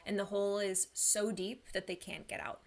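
An earnest young woman coaching listeners through a personal motivational talk. She talks casually and fills her speech with "like." Her voice has a gravelly fry. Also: mid-range voice, flat delivery, moderate pace. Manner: earnest, casual, uses "like" a lot. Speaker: mental health coach.

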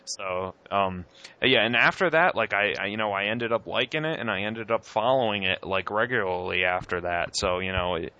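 A man's voice: on the low side, moderate pace, pushed and bright, dull audio. A young man co-hosting a podcast, chatting casually with many fillers and acted-out quotes. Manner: rambling, lots of fillers, acts out quotes. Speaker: podcast co-host. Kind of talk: casual chat.

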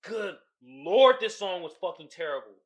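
A man's voice: high-pitched, expressive, normal speed, slight background noise. A man hosting a podcast, giving a casual, profane album review and laughing often. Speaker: podcast host.

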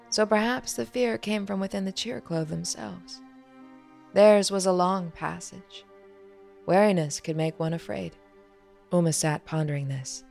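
A woman author narrating her own fantasy story in a measured storytelling manner. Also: fairly low pitch, gravelly, a little mellow.

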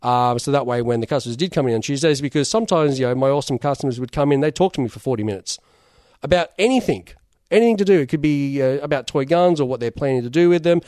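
A young adult man with an Australian accent, a toy seller talking through his case as an interview guest in a rambling, relaxed way with many fillers. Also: mid-range voice, fast, no room sound, studio quality. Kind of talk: casual interview talk.

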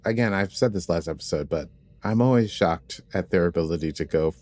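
A man's voice: low-pitched, fairly quick, darkish tone, dry recording. A man co-hosting a podcast, chatting casually about a TV episode in a playful, rambling way, full of asides and self-corrections. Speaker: podcast co-host.

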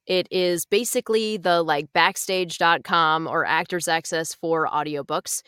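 A woman's voice: fairly low pitch, steady tone, a bit bright, clear, resonant tone, no room sound, studio quality. A woman audiobook narrator giving frank, emphatic advice in a casual interview. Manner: brisk, frank and emphatic with mild swearing.

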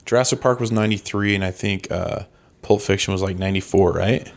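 A man's voice: fairly low pitch, a little fast, creaky. A man co-hosting a podcast, chatting casually and matter-of-factly about movies. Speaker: podcast co-host. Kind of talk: casual chat.

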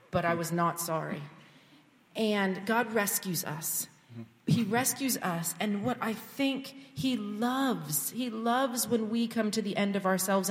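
A woman preaching from the front of a church, sharing her own story in a candid, storytelling way. Her voice sits in a middle pitch, and her words ring out with the long reverb of a sanctuary hall. She moves into fervent, heartfelt prayer. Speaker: speaker at church. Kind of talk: sermon testimony.

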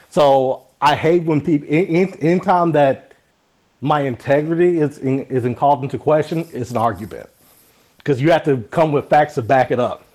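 A man in a casual group chat, measured and teasing, explaining with examples. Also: medium pitch, darkish tone.

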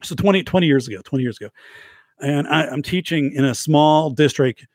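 A man's voice: on the high side, a little fast, a little mellow, dry recording, clean studio sound. A man in his forties, a podcast host telling a rambling story in casual livestream chat, full of restarts and repeats. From Wisconsin, US. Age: 40s. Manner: rambling, self-interrupting storyteller with many restarts.

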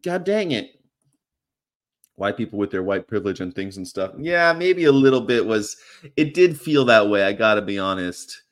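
A man's voice: fairly low pitch, expressive, brisk. A young adult man and activist vlogger, rambling through a personal story with a wry, self-mocking tone, trailing off and restarting often. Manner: wry, self-mocking, acts out quotes in raised voices.

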